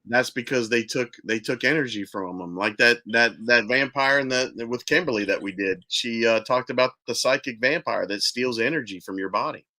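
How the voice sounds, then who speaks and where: A man's voice: medium pitch, normal speed, few pauses, bright, forceful tone. A man from New Orleans hosting a podcast, reacting and commenting in casual chat. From New Orleans, United States. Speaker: podcast host.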